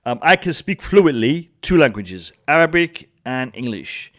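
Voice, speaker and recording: A man's voice: mid-range voice, sing-song, measured pace, a bit bright. A man hosting a casual group chat on a live stream, chatty and laughing, often repeating himself. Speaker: stream host.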